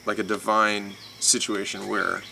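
A man's voice: fairly low pitch, flat delivery, a little slow, creaky, sharp tone, slight background noise, rough recording. A man co-hosting a casual couple's video, adding short, matter-of-fact remarks. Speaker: co-host of a couple's channel. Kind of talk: casual chat.

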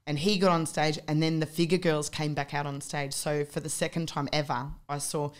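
Low-voiced chatty woman. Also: flat delivery, brisk. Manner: chatty storyteller, lots of "like" and "um". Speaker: podcast guest, fitness competitor. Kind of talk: casual chat.

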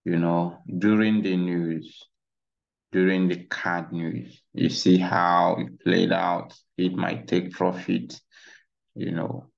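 A man's voice: sits low, flat delivery, takes it slowly, creaky. A man walking through trading charts in a casual tutorial, rambling and saying "you know" a lot, recorded on a dull lo-fi mic. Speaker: trading instructor. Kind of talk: casual screen-share tutorial.

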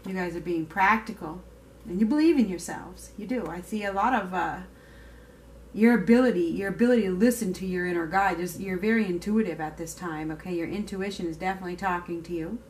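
A woman's voice: lowish voice, fairly quick. Woman tarot reader, casual and emphatic, faint background noise. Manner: chatty, emphatic, swears casually. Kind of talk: casual tarot reading to camera.

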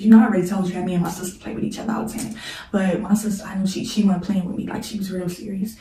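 A woman speaks in a mellow, warm voice, halting and close to tears as she tells a painful personal story. She repeats herself and pauses now and then to pray. The mic sits some way from her in a roomy, echoey space. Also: medium pitch, fairly even intonation, a little hiss or hum. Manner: halting, repeats "like", prays between passages. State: holding back tears. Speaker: storyteller vlogger. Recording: roomy, echoey room mic set at a distance.

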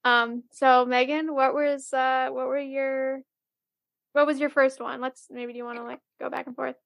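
A woman co-hosting a relaxed podcast, talking in loose, rambling sentences full of fillers. Her voice sits high and is recorded dry and close. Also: normal speed, gravelly, dry recording. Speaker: podcast co-host. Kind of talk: casual podcast chat.

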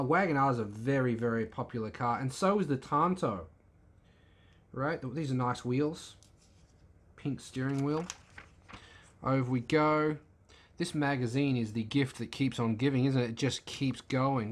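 A man hosting a car channel, giving laid-back, wry, opinionated commentary as he flips through a magazine. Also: medium pitch.

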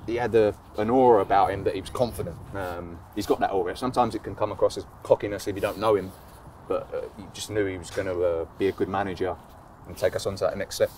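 A man in his thirties with a very low, deep voice looks back on his playing days. He talks in a relaxed, rambling way, full of fillers and easy laughs, with a faint hiss of noise under the recording. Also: quick pace, few pauses. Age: 30s. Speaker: footballer being interviewed. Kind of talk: casual interview recollection.

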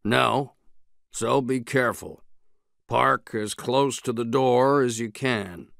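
A man doing a blunt older-sounding lawyer mentor, serious, curt, pitched a little higher, slow, dry sound. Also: vocal fry, a bit bright, no room sound.

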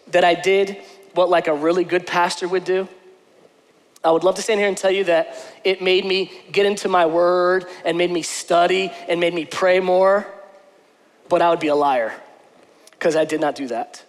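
A man preaching a sermon as pastor from a church stage, emphatic and repeating his phrases, dropping soft and then rising to a shout. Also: high-pitched, normal speed. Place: church stage before a congregation. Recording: echoey church hall.

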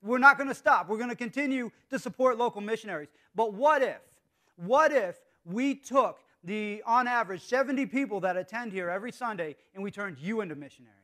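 A man preaching a sermon as pastor, earnest, swinging between hushed, intimate lines and emphatic calls to the congregation. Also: high-pitched, expressive, fairly quick.

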